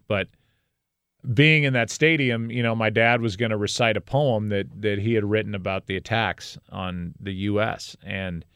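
Smooth-voiced middle-aged man telling a story. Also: on the low side, fairly bright tone, no echo, studio quality. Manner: reflective, candid, wry storyteller. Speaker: guest. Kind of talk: personal storytelling in an interview.

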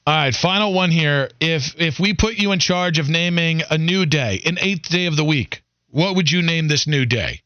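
High, bright-voiced radio host. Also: male voice, normal speed, no echo, muffled recording. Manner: joking, rambling, self-deprecating. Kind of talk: casual sports radio banter.

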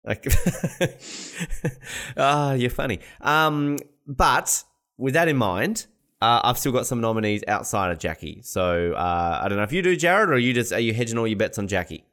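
Male podcast host, mid-pitched, chatty, jokey, rambling. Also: lively intonation, unhurried, fairly bright tone. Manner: joking, rambling, laughs often. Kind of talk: casual chat.

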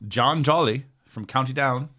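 A man's voice: mid-range voice, a little slow, bright, forceful tone. A man co-hosting a podcast, reading through a list of facts in a casual, joking way. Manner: reads a list with jokes and stumbles. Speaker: podcast co-host, researcher.

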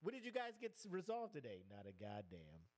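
Animated laughing man on a podcast. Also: on the high side, fairly quick. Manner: animated, laughing often, acting out quotes. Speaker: podcast co-host. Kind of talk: casual comedic chat.

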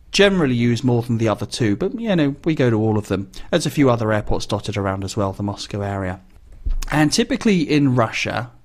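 A man who flies business jets, talking casually and explaining things in a wry, conversational way, with frequent pauses to think. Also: mid-range voice. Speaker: business jet pilot.

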